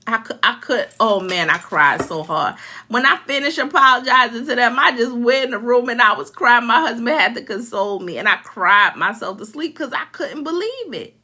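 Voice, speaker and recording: A woman's voice: a little high, big pitch swings, normal speed, pushed and bright. A woman in her forties, a life coach, talking earnestly and emotionally to viewers and vividly acting out past scenes. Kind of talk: casual heartfelt talk to viewers.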